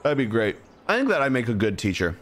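Young man, live streamer, gameplay commentary, rambling, excitable, lively swooping pitch. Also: fast, slight background noise.

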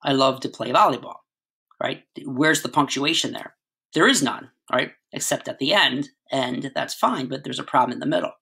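Middle-aged male teacher, bright tone, casual classroom explainer. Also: medium pitch, moderate pace, creaky, slightly rough. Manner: conversational, frequent "right?" and "all right" checks. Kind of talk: writing lesson.

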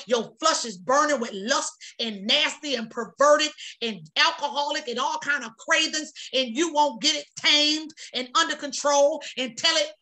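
Fiery high-voiced preaching woman. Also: bright, forceful tone. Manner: fiery, folksy preaching with repetition. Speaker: prophetess. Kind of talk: preaching on a prayer broadcast.

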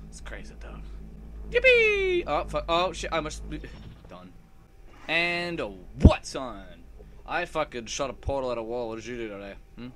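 A young man giving casual, swear-heavy commentary while playing a video game, excitable and prone to sudden loud yelps. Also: medium pitch, slight background noise. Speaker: let's play gamer.

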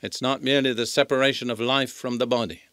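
Older man giving a slow, emphatic sermon. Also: mid-range voice, steady tone, fairly bright tone, clean tone, dry recording. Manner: slow, emphatic scripture reading. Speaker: Bible teacher.

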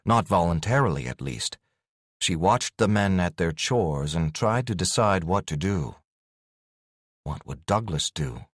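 Male fantasy audiobook narrator, low register, very animated pitch, expressive read, dry close studio sound. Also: dry recording.

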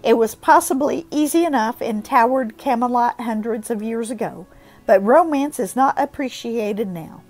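A woman's voice: on the high side, moderate pace, darkish tone. A woman voicing a spirited, imaginative teenage girl who talks earnestly and expressively.

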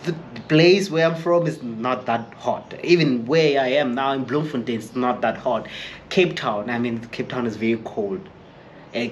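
Male vlogger, mid-pitched, chatty storyteller who mimics others, faint background hiss. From Eastern Free State, South Africa. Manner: chatty, rambling, acts out quoted people. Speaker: chef vlogger. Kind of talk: casual storytelling to camera.

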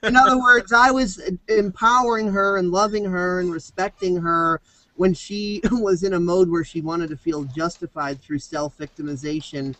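A man with a fairly high voice tells a story in loose, casual chat, circling back and restarting his sentences. The sound is dry and close, with no room around it. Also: fairly even intonation, moderate pace, bright, forceful tone, no echo, rough recording. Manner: rambling storyteller with restarts, mimics voices in quotes. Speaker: video host.

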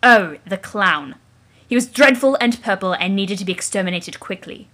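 A woman voicing a brash, rude young male alien kid in a comic read-aloud, loud and demanding. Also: medium pitch, animated, normal speed. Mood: bratty.

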